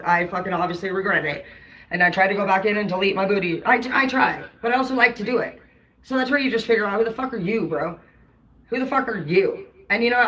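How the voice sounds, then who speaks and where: A woman's voice: lowish voice, sharp tone, poor audio. Blunt, foul-mouthed woman streamer. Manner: profane, blunt and rambling, heavy swearing. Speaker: tarot reader and live streamer. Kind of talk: casual rambling monologue to viewers.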